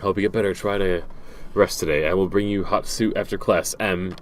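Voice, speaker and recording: With a deep, fairly even voice and brisk delivery, a game streamer reads the game's letters and messages aloud, with slight background noise present. He trips over words, starts over often, and throws in dry asides.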